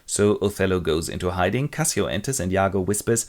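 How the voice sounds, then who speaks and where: A man's voice: low-pitched, brisk, few pauses. A man telling a play as a wry, chatty comic retelling. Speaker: narrator and presenter.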